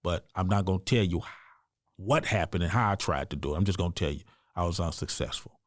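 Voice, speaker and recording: A man's voice: low-pitched, quick pace, dry recording, clean studio sound. Earnest man telling a personal story. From United States. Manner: earnest, emphatic, conversational. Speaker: podcast guest.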